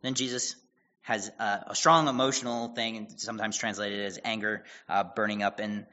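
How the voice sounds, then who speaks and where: A man's voice: lowish voice, steady tone, moderate pace, bright, forceful tone, highs cut off. A man as pastor giving casual Bible teaching, retelling scripture in a conversational way with quoted dialogue and asides.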